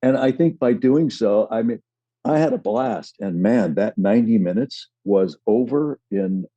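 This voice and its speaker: A male guest telling stories in casual chat, animated and acting out other people's voices. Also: fairly low pitch, measured pace, dry recording, lo-fi sound.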